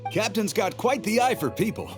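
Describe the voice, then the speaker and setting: A man's voice: high voice, expressive, normal speed, music in the background. An actor playing a jovial, admiring male sailor in a video game.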